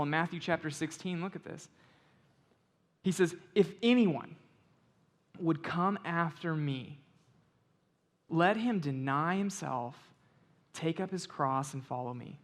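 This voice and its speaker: A man in the pulpit with a fairly high voice, talking through his sermon in a loose, conversational way. He reads scripture slowly and softly, then pushes louder and more emphatic as he drives a point home. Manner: conversational preaching, building to loud emphatic stretches. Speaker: pastor.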